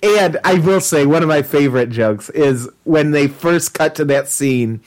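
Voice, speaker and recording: A man's voice: a little high, a little slow. A man co-hosting a casual podcast chat, easygoing, chiming in with favorite jokes and details. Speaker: podcast co-host. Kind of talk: casual chat recapping a cartoon episode.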